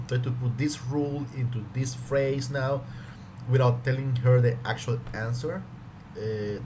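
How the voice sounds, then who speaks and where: A man reviewing a language course in casual commentary, hesitant and often repeating his words as he restarts. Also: medium pitch. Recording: audible background noise.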